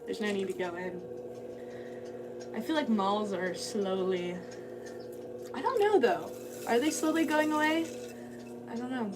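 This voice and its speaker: A woman's voice: mid-range voice, animated, unhurried, pauses often. Rambling woman chatting from a distance. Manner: rambling, thinks aloud while working. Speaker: ceramic artist livestreaming. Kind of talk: casual livestream chat while working. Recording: distant mic with background noise.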